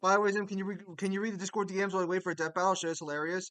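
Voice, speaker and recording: A man hosting a casual stream, chatting loosely and swearing, with sudden animated outbursts. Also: sits high, racing, clean tone, no room sound. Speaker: streamer host.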